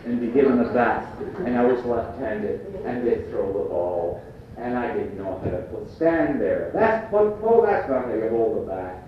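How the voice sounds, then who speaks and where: A man's voice: medium pitch, slight background noise. A man from Prince Edward Island giving a humorous storytelling lecture to an audience, with wry asides. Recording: distant, dull, roomy archive recording.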